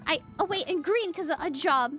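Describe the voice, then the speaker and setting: A woman's voice: very high voice, brisk, over loud music. A woman streaming a casual tarot reading, chatty and giggly as she reads out chat messages.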